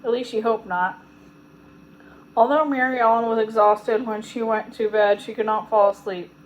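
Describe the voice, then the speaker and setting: A woman reading a children's chapter book aloud in a gentle, steady storytelling manner. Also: fairly high pitch, normal speed, dull audio, slight background noise. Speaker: storybook reader.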